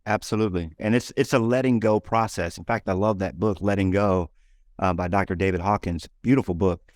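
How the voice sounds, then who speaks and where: A man's voice: low-pitched, steady tone, brisk, dry recording, studio quality. A man in a casual interview who talks animatedly, acting out imagined inner dialogue and often repeating words as he restarts. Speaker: guest entrepreneur and author.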